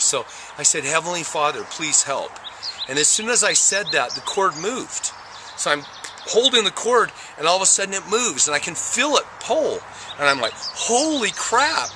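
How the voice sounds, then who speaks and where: A man's voice: high voice, lively intonation, normal speed, background noise. A middle-aged man telling a personal story with drama, acting out voices and sound effects. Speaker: storyteller recounting a near-death experience.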